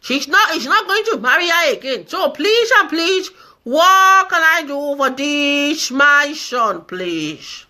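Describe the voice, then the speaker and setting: A woman's voice: high-pitched, very animated, slow, bright, forceful tone, heavily acted. A woman in a comedy skit playing a fussy elderly mother who pleads and wails, with a squawky, cracked voice. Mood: pleading. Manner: pleading, repetitive, wailing complaints. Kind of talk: comedy skit, live video.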